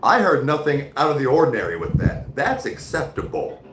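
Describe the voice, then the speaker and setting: A man's voice: medium pitch, huge pitch swings, normal speed, fairly bright tone, reverberant, slight background noise. A man hosting a livestream, chatting casually with viewers in a loose, profane way full of "like", "dude" and "bro". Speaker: livestream host. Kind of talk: casual chat reading viewer comments.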